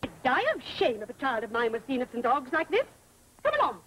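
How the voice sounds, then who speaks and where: A woman's voice: high-pitched, very animated, fast, fairly bright tone, slight background noise, low-quality recording. An actress playing a fussy, fretful mother who scolds her family, in an old 1930s film. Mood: scolding. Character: fussy proper middle-aged mother, Mrs Tulliver.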